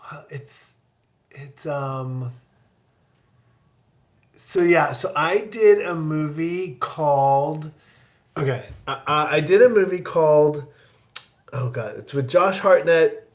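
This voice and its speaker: A man from the American Midwest telling a rambling, self-deprecating story in casual chat, getting animated when he quotes himself. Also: fairly high pitch, slow pace, pauses often, roomy sound. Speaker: guest actor.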